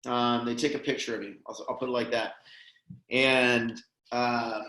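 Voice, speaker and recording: A man's voice: mid-range voice, little pitch movement, unhurried, sharp tone. A man telling a heartfelt story as a podcast guest, earnest and emotional, often saying "man" and "dude". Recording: roomy echo.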